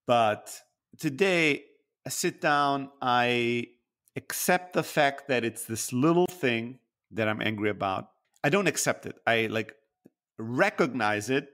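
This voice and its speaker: A man's voice: mid-range voice, expressive, a little slow, a bit bright. A man co-hosting a podcast, talking candidly and introspectively in casual chat, swearing freely. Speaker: podcast co-host.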